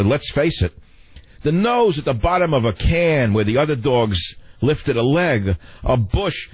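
A man hosting a radio talk show, ranting in an animated, exasperated way into a studio mic. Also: medium pitch, slightly rough, no echo.

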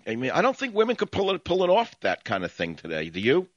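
A man's voice: fairly high pitch, huge pitch swings, fast, dry recording, muffled recording. A man with a New York accent hosting call-in talk radio, ranting in a brash, sardonic, rambling way.

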